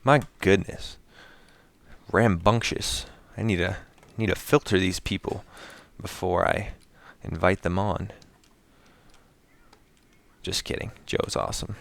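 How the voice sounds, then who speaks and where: Low gravelly man, slow gameplay commentary. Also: fairly even intonation, no room sound. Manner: talks to himself while building, counting items aloud; explains step by step to his viewers. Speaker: Minecraft builder and commentator.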